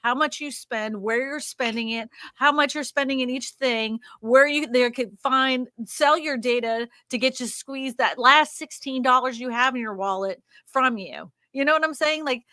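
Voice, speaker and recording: A woman's voice: sits high, normal speed, hardly any pauses, pushed and bright, no echo, studio quality. A woman hosting a casual real estate livestream, chatty, laughing often and trailing off mid-sentence.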